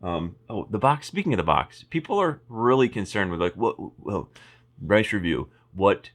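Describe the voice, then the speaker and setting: A man's voice: lowish voice, big pitch swings, normal speed, a bit bright. A man giving a casual, rambling product review, full of fillers, restarts and wry asides. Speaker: firearms reviewer.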